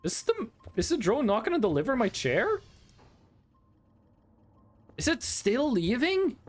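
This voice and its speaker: A man's voice: very high voice, huge pitch swings, measured pace. A man from Norway, chatting casually with his stream chat in a playful, rambling, teasing way.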